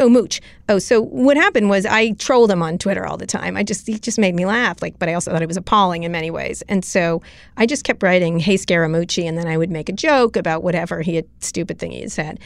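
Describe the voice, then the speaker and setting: Woman journalist guest with a gravelly voice, blunt and profane, recorded dry in an office. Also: fairly low pitch, no room sound. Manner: blunt, rapid-fire, swears freely. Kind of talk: casual interview talk.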